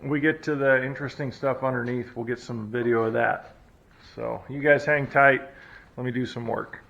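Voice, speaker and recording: A man's voice: medium pitch, steady tone, moderate pace, vocal fry. A man hosting a shop vlog, chatting casually and joking at himself as he works out a build step by step. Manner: chatty, self-deprecating, thinks out loud. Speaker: hot rod builder and channel host. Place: home workshop, hot day. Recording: muffled audio, faint shop noise.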